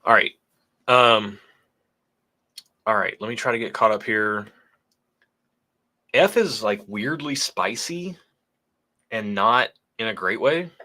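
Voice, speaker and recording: A low-pitched man with a bright, forceful tone talks casually on a livestream. He keeps a laid-back, joking manner while reading viewer messages aloud. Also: lively intonation, takes it slowly, long pauses. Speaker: whiskey channel co-host.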